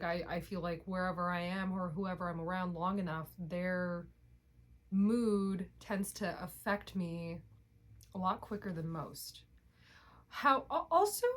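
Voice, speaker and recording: A young woman vlogging in casual chat to camera, candid and rambling, laughing often and swearing now and then. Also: medium pitch.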